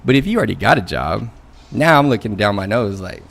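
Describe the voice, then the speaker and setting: A man with a lowish, sing-song voice talks a little fast, sounding gravelly with a fairly bright tone. He's a coding learnalong streamer venting casually about a bad job interview in a loose, conversational rant, swearing and mocking people by doing their voices in quotes.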